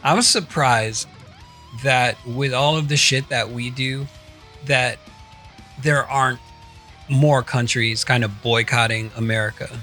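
A man's voice: medium pitch, fairly even intonation, a little slow, bright, forceful tone, soft background music. A man co-hosting a podcast in easygoing casual chat, with lots of fillers. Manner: easygoing, laughs along, fillers. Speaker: podcast co-host.

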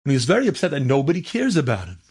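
A man's voice: medium pitch, huge pitch swings, rapid-fire, a little mellow, husky. A man, a rabbi, tells stories in a sermon and builds them into fervent, emphatic exhortation, peppered with Hebrew and Yiddish terms. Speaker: rabbi and speaker. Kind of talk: storytelling sermon.

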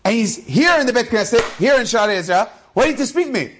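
A man who is a rabbi, telling a personal story to a congregation in an animated, emphatic way, his voice jumping up on key words. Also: extremely high pitch, fast, a little hiss or hum.

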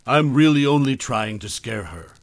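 A man's voice: mid-range voice, animated, moderate pace, dry recording, close to an everyday voice. A man voicing a drunk, violent husband who rambles crudely and defensively through a confession. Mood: bitter.

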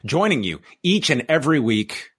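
A man hosting a wrestling-review podcast, announcing new hosts in a measured way with frequent pauses. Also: fairly high pitch, very animated, a bit bright, husky. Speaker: podcast host.

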